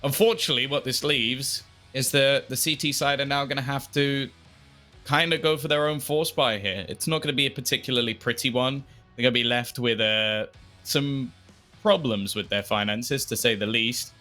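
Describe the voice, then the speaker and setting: A man on a headset mic giving animated, wry color commentary on a shooter match. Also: mid-range voice, moderate pace, faint music behind. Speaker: esports caster.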